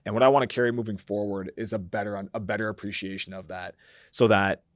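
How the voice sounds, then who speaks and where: This fast-talking man has a voice on the low side with fairly even intonation, recorded dry at studio quality. As a podcast guest and company founder, he reflects at length in a conversational interview, with many fillers and acted-out quotes of his own thoughts.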